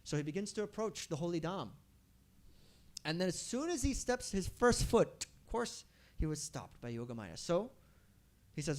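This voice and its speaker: A man telling a devotional story to a live audience at a temple gathering, animated and asking the audience questions. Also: high voice, moderate pace.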